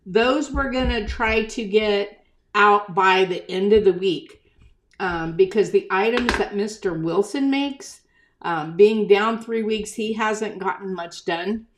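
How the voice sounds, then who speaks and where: A woman's voice: medium pitch, slow. An older woman chatting casually on a live stream as a craft shop owner, greeting viewers by name and reading out their comments.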